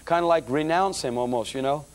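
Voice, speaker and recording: Middle-aged male preacher, slightly high voice, tells his testimony to the folks. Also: brisk. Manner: storytelling, acts out voices in his story; addresses audience as folks. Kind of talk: testimony sermon.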